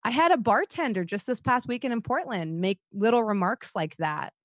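Animated young woman, swears freely. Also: fairly high pitch, normal speed, no echo, studio quality. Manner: animated, frequent "like" fillers, swears. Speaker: podcast co-host. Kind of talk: casual chat, storytelling.

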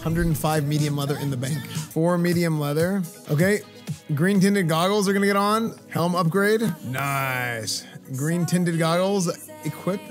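A man streaming a game live, chatting excitedly with his viewers as he plays. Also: a little high, unhurried, soft background music. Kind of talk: live gameplay commentary.

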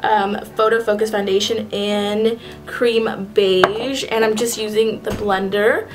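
A woman's voice: mid-range voice, steady tone, takes it slowly, music in the background, poor audio. A young woman talking through a casual makeup tutorial in a chatty way, often stopping to correct herself mid-phrase. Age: young adult. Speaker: beauty vlogger.

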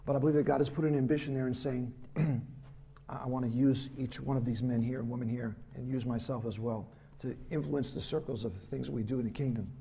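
An older man preaches to a church gathering in a gravelly, mellow voice. He tells his missionary stories with animation and plays the other people's lines himself, with a faint hiss from the room behind him. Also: medium pitch, brisk. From United States. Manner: animated anecdotes, voices quotes, laughs at himself. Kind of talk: storytelling sermon. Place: church hall.

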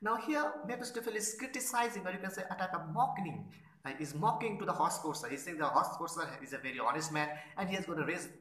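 A man's voice: on the high side, animated, quick pace, a bit bright. A male literature lecturer explains a play line by line, reading quoted lines and then restating them in plain words. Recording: roomy echo.

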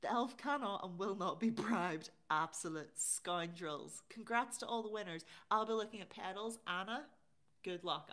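A woman's voice: mid-range voice, fairly bright tone. A woman hosting a casual live stream, chatting and reading out viewer comments. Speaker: livestream host.

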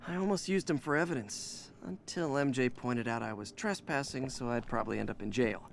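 A man's voice: mid-range voice, a little fast, vocal fry, a little hiss or hum, lightly acted. An actor playing a wry young male superhero making offhand quips.

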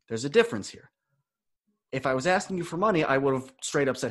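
A man's voice: medium pitch, lively intonation, fast talker. A young man guesting on a podcast interview, a coach telling stories and acting out quoted dialogue with energy. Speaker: student speaker and coach.

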